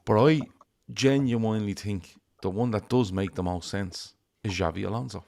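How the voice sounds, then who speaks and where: Man, blunt and sweary, lowish voice, casual fan talk. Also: normal speed, vocal fry, a little mellow. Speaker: fan show panelist. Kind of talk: casual chat.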